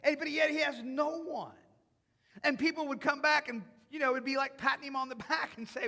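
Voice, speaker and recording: In a church sanctuary, a man delivers a sermon in a very high, bright, forceful voice that echoes through the long reverb of the hall. Steady, fairly quick and creaky, he slips into imagined voices and climbs to loud, emphatic stretches.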